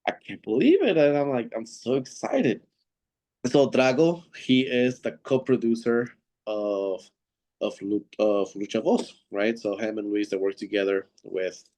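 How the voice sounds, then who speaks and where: This man's voice is medium in pitch and a little mellow. He's a Seattle-born pro wrestler appearing as a guest in a casual interview, where he spins rambling stories, uses lots of fillers and performs the dialogue he quotes.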